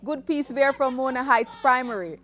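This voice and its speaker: A woman's voice: high voice, normal speed, fairly bright tone. A woman presenting a magazine show in a cheerful, scripted voice-over.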